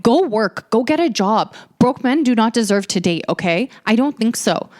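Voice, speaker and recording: A woman's voice: fairly high pitch, lively intonation, normal speed, a little mellow. A woman in her early twenties hosting a podcast, telling stories in a sassy, ranting, profane way. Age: early 20s. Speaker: podcast host. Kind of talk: casual storytelling chat.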